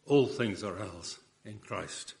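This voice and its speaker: A man's voice: fairly low pitch, takes it slowly, gravelly, darkish tone. A man preaching a sermon in an earnest, emphatic way, often repeating phrases for weight.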